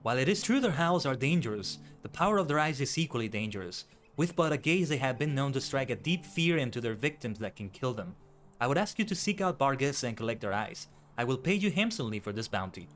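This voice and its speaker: A man reading out a formal, grave woman quest-giver's lines in a solemn, measured way. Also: mid-range voice, very animated, fairly bright tone, faint music behind.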